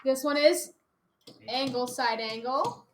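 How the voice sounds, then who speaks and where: A woman teaching a geometry lesson to a class, upbeat and quick to laugh with her students. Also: sits high. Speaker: math teacher. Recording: echoey classroom, faint noise.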